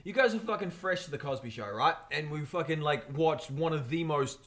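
Podcast host guy, swears a ton, bright sharp voice, rambly. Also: on the high side, lively intonation, fairly quick. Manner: profane, rambling. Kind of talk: casual podcast chat.

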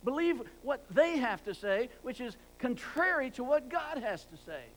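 Emphatic high-voiced male preacher. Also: big pitch swings, moderate pace, a bit bright, a little hiss or hum, poor audio. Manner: emphatic, repeats words for stress; stumbles and restarts words. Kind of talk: sermon.

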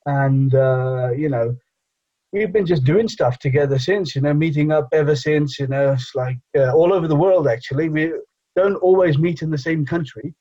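A man's voice: on the high side, normal speed, warm tone, dull audio. A man from England, whose first language is Bengali, chatting loosely as an interview guest with lots of fillers. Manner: rambling, many fillers and "you know". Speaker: guest, engineering professor and charity founder. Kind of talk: casual conversational interview.

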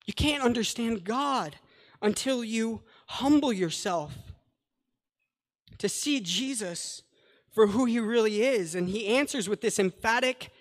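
A man's voice: high voice, normal speed. A man preaching a sermon, earnest and conversational, adding plain paraphrases and asides to the scripture he reads. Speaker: pastor. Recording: long hall reverb.

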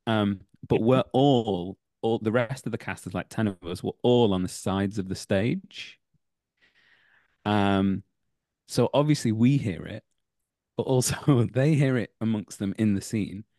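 Man, Manchester accent, low voice, dry close sound, lively storyteller, actor. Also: a little slow, dry recording. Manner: animated anecdotes, laughs mid-story. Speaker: actor and acting teacher. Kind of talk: casual podcast interview, storytelling.

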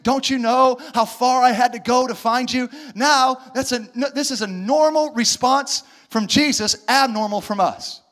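A man with a very high voice preaching a lively sermon to his church. He acts out little conversations and swings from soft asides to shouted questions. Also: unhurried, hardly any pauses. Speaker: pastor.

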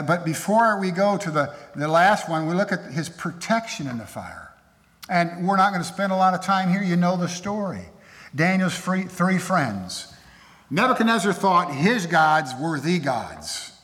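Man, pastor, sermon, emphatic and chatty, slightly high voice, echoey church hall. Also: a bit bright. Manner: conversational, emphatic preaching. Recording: echoey hall with long reverb.

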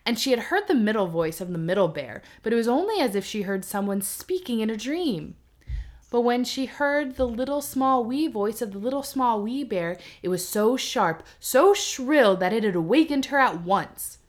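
A woman's voice: on the high side, lively intonation, moderate pace. A woman hosting a podcast, reading a folk tale aloud with wry asides. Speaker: podcast host. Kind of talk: casual storytelling podcast.

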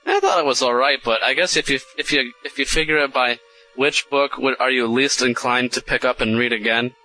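A man's voice: medium pitch, steady tone, brisk, pushed and bright, poor audio. A man co-hosting a call-in podcast, talking in an easygoing way. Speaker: podcast co-host.

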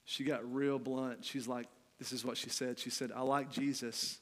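Middle-aged male preacher, mid-range voice, frank storyteller moving between loud and hushed, big echoing church hall. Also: mid-range voice, moderate pace. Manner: candid storytelling, swinging from loud and animated to quiet and hushed. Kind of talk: sermon. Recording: long hall reverb.

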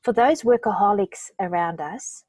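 A woman's voice: mid-range voice, moderate pace, a little mellow, dry recording. A middle-aged woman hosting a podcast interview, speaking in an emotional, openly moved way. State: tearing up. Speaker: podcast host. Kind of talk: heartfelt conversational interview.

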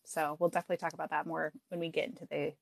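A young woman co-hosting a podcast in casual chat, chatty and quick to laugh. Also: low voice, little pitch movement, vocal fry. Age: young adult. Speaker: podcast co-host.

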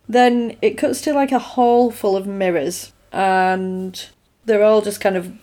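A woman's voice: medium pitch, fairly even intonation, takes it slowly, warm tone. A woman casually recapping a film on a podcast, acting out lines in silly voices and laughing often. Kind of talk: casual chat.

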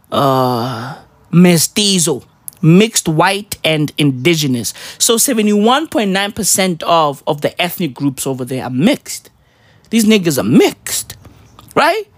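A man ranting casually, rambling in heavy slang with mock patois words, swinging between loud outbursts and low mutters. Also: dry recording. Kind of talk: casual profane rant.

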